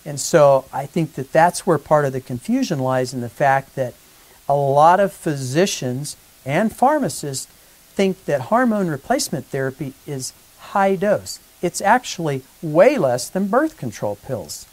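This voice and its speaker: A physician gives a conversational educational talk to patients in a somewhat high, slightly slow voice, captured on a rough recording. He grows animated when acting out exchanges with colleagues.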